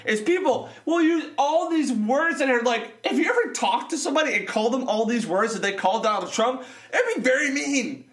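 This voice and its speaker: Man, high voice, sarcastic rambling vlog rant, echoey room. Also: expressive, moderate pace, hardly any pauses, a bit bright. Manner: sarcastic, mocking, rambling with restarts. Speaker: vlogger. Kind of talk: casual opinion rant.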